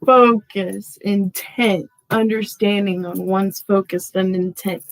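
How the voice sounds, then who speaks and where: A woman reads tarot cards for her audience in an unhurried, drawn-out way, growing emphatic and gushing as each card is revealed. Her voice sits in a middle pitch for a woman. It is recorded close and dry, with no room sound. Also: no echo, low-quality recording. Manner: effusive, addresses viewers as y'all, peppers speech with "freaking"; gets excited and emphatic when revealing cards. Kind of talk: channeled card reading for viewers.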